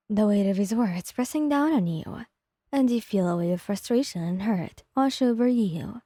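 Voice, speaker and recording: A woman narrating a second-person ASMR story in a calm, even storytelling manner. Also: mid-range voice, moderate pace, no room sound, studio quality.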